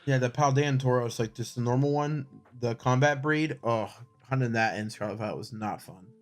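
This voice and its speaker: A man co-hosts a casual game news chat, upbeat as he runs through event lists. His voice sits at a middle pitch. Faint music plays quietly behind him. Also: moderate pace. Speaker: co-host.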